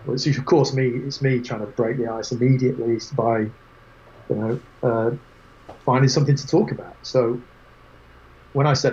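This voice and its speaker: A man as an interview guest, telling lively anecdotes with quoted voices in casual chat. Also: medium pitch, normal speed, muffled recording. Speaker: guest photographer.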